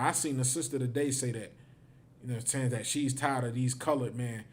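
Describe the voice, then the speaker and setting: A man's voice: medium pitch, steady tone, moderate pace. Emphatic man teaching a class. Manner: emphatic, repeats himself, ends phrases with "man". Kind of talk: livestreamed teaching.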